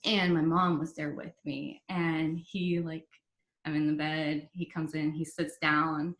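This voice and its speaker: A woman's voice: low voice, steady tone, moderate pace. Chatty young woman in an echoey room. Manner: chatty, many fillers like "like" and "you know", quotes others in dialogue. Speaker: podcast guest. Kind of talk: casual storytelling interview. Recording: roomy echo.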